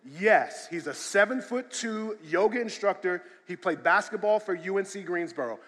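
Male pastor, sermon delivery, shouts and hushes, long echo around him. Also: high-pitched, lively intonation, normal speed. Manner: swings from loud shouted emphasis to quiet storytelling. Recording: long hall reverb.

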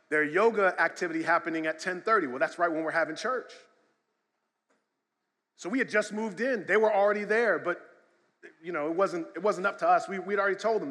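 Male pastor, sermon delivery, shouts and hushes, long echo around him. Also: high voice. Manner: swings from loud shouted emphasis to quiet storytelling. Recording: long hall reverb.

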